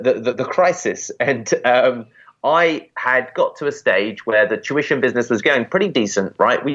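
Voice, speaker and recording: A man's voice: medium pitch, sharp tone, highs cut off. A man in his thirties from England, a podcast guest telling his story casually with many repeats and restarts. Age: 30s.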